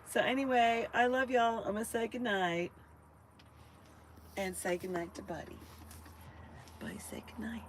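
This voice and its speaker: A woman's voice: fairly high pitch, measured pace, long pauses, noisy background. A woman chatting casually with live-stream viewers and her dog from inside her van.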